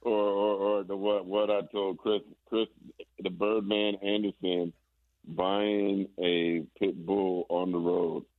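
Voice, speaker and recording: A man with a low voice tells stories in a relaxed, casual chat, often stammering and restarting his sentences. The sound comes through a tinny, phone-like line that is very dry. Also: takes it slowly, dry recording. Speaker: guest, former basketball player.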